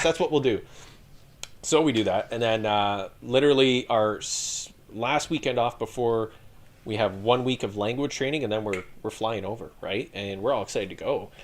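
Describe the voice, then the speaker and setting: A man in his thirties tells army stories as a podcast guest. He talks casually and swears often. His delivery is animated, and he breaks into laughter along the way. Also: on the low side, slight background noise. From Canada. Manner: profane, laughing, animated storyteller. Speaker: podcast guest, retired infantry soldier. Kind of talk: casual storytelling chat.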